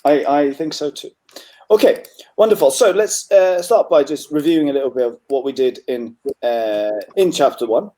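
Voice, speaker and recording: A man tutoring a student in Chinese over a call, encouraging and relaxed, with frequent fillers and throat clearing. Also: on the high side, normal speed. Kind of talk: online tutoring session.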